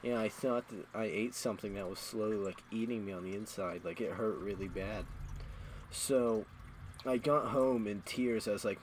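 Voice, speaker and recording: Guy streaming a game, low voice, rambly crude embarrassing stories, faint hiss behind. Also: moderate pace, poor audio. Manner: crude, self-mocking and rambling. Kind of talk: casual storytelling while gaming.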